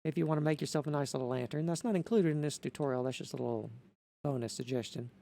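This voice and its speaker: A man talking through a building tutorial in an unscripted voice-over, methodical and halting, often correcting himself. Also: mid-range voice, vocal fry, mellow.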